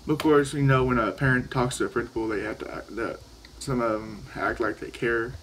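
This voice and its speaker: Casting: teen boy, medium pitch, loose profane storytelling, keeps restarting sentences. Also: steady tone, brisk, a bit bright, slight background noise, low-quality recording. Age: teens. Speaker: vlogger. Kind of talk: casual storytelling while vaping.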